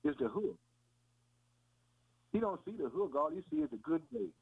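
A man's voice: fairly high pitch, very animated, normal speed, gravelly, breathy edge. A man preaching an informal sermon in a folksy way, often calling his listeners "man" and "boy" and repeating himself. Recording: tinny phone-like radio audio.

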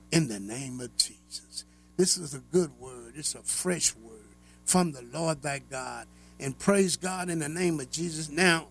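A man with a high, gravelly voice preaches and prays over the radio. His delivery is fervent and rhythmic, and the husky grain stays through every line. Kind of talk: radio prayer sermon.

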